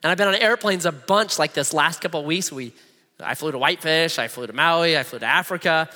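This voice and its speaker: A man's voice: a little high, a little fast. A middle-aged man preaching a sermon, telling a story with humor and acting out the voices. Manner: animated, humorous, acts out voices. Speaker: pastor. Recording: long reverb of a large hall.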